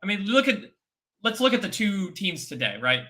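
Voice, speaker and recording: A man's voice: sits high, sing-song, normal speed, pushed and bright. A man giving emphatic, opinionated football takes in a casual chat, repeating his points. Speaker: football fan pundit. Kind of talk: casual post-match chat.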